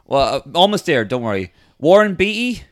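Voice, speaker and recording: A man's voice: on the high side, sing-song, normal speed, fairly bright tone. A man in casual comedic podcast chat, rambling and quoting people in asides. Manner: rambling, with fillers and quoted asides.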